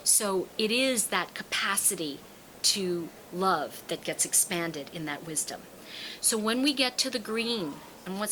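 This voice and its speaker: A tarot card reader and teacher talks casually to an audience, animatedly telling stories and performing the voices of the people she quotes. Her voice is mid-range, with slight background noise on a low-quality recording.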